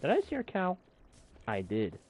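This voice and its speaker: A man's voice: a little high, wildly swooping pitch, normal speed, darkish tone, slight background noise, rough recording. A man hosting a live game stream, chatting casually and jokingly with viewers and the game. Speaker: streamer and channel host.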